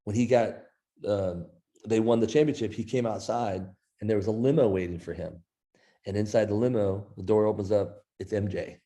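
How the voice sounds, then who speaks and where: Middle-aged guy from iowa telling a story on a podcast, fairly low mellow voice, acts out the other people's lines. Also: normal speed. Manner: animated anecdote teller, quoting others in his own voice. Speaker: guest author. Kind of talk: storytelling in an interview.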